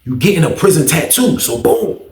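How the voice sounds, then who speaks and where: A man spins a yarn in loose, slang-heavy talk, jumping into the voices of the people he quotes. His voice sits a bit high for a man and rings in a roomy space. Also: sing-song, brisk, a little mellow. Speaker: storyteller host. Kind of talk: casual storytime.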